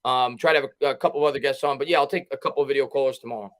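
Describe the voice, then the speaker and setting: A man hosting a live sports talk stream, upbeat and quick, reading out viewer names and thanking them. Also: medium pitch. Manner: fast, energetic, shouts out chat names. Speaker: livestream host.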